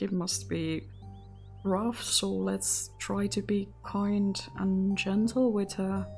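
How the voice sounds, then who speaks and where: A woman's voice: mid-range voice, little pitch movement, takes it slowly, gravelly, breathy edge, faint music behind. A woman hosting a gaming channel, giving chatty commentary and whispering the story narration of a visual novel as she reads it aloud.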